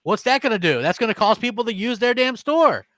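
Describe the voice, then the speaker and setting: A man's voice: very high-pitched, expressive, brisk, fairly bright tone, no room sound. A man co-hosting a gaming podcast, ranting heatedly with rhetorical questions. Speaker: podcast co-host.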